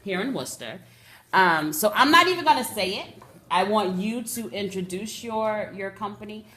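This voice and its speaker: A woman's voice: mid-range voice, lively intonation, moderate pace, sharp tone, echoey room. A woman hosting a radio show, teasing her co-host and introducing guests. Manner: teasing, laughs often. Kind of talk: casual radio chat.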